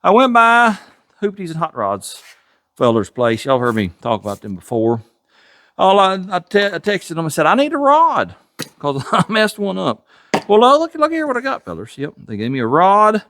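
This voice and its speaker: A man's voice: sits high, wildly swooping pitch, moderate pace, a bit bright. A man with a Southern US accent, hosting a casual garage vlog in a folksy, chuckling, self-deprecating way. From Tennessee, USA. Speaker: garage channel host. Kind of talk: casual workshop vlog talk. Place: home garage workshop.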